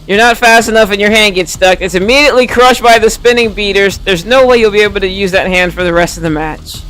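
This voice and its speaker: A man's voice: high voice, fast, hardly any pauses, a bit bright, faint music behind. A man casually commenting on a game playthrough, reading the on-screen text aloud and cracking playful jokes. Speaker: game streamer.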